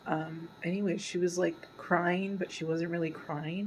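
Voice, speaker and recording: A woman hosting a casual reaction video, talking through an episode with many fillers and slipping into a soft whisper at sad parts. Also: lowish voice, level tone, normal speed, hardly any pauses, slight background noise, poor audio. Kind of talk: casual pause-and-talk commentary.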